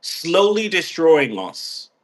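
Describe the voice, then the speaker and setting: A man's voice: on the high side, very animated, slow pace. A man with a stuffed-up nose, rambling and ranting in a casual vlog, swearing freely and restarting his phrases. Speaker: vlogger.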